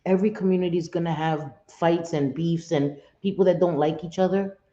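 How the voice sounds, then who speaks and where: A woman hosts a live stream in a low, mellow voice, chatting casually and bluntly with her viewers. She swears freely and repeats herself to drive points home. The sound is roomy and a little dull. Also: steady tone, fairly quick. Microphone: home streaming setup.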